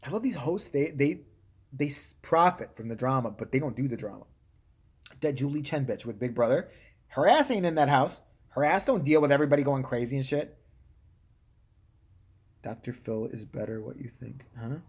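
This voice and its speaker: A man hosting a live stream, ranting casually and profanely, jumping from loud outbursts to muttered asides. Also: mid-range voice, animated, fairly quick, slightly rough.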